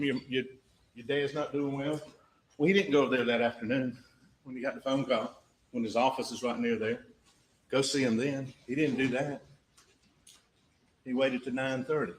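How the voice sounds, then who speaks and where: A man's voice: medium pitch, slight background noise, poor audio. A man giving a closing argument as a prosecutor in a courtroom, emphatic and full of rhetorical questions that drive home each point.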